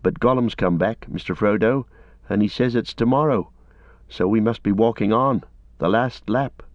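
A man's voice: lowish voice, moderate pace, no room sound, natural voice. A man doing a loyal, homely servant hobbit. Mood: earnest. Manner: homely, earnest, a bit gruff. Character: loyal, plain-spoken young male servant hobbit. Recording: dull lo-fi recording.

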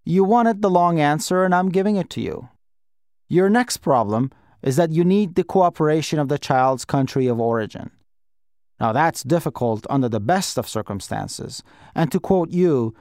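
A man's voice: fairly high pitch, expressive, normal speed, darkish tone, no room sound, studio quality, pitched above the performer's own voice. A man doing a curt cold embassy official. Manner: cold, clipped, bureaucratic. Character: curt male embassy official, middle-aged.

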